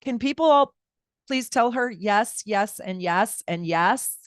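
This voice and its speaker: A woman's voice: mid-range voice, lively intonation, slow pace, no echo, clean studio sound. A woman astrologer giving casual live-stream chart readings, chatty and rambling, talking straight to her viewers from home.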